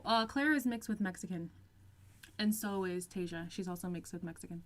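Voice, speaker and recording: A young woman hosting a casual livestream, chatting and reading out viewer comments, laughing often and stretching out some phrases slowly. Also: fairly low pitch. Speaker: livestream host reacting to reality TV.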